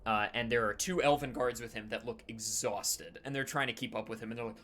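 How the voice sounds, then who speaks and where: A man narrating as dungeon master in a casual, halting way, with many fillers. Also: mid-range voice, fairly bright tone. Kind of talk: narrating a tabletop game.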